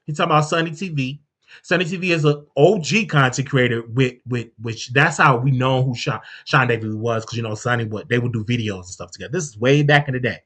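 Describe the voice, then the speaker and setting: A woman's voice: very deep voice, quick pace. A woman hosting a show, telling gossip in a casual, chatty storytelling way with frequent restarts. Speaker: host.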